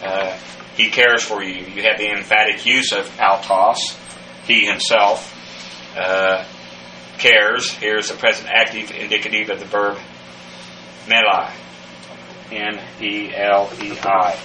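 Guy going thru greek bible words letter by letter, lots of uhs, low flat voice, sounds far off in an echoey room. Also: slow pace, pauses often. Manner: spells out Greek words letter by letter, many "uh" fillers. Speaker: Bible teacher. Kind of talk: verse-by-verse Greek word study. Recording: echoey room, voice from a distance, faint hiss.

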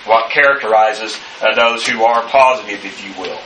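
A man teaching the Bible verse by verse, speaking haltingly with many fillers and spelling out Greek words letter by letter. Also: on the low side, pushed and bright. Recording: echoey room, distant mic, faint noise.

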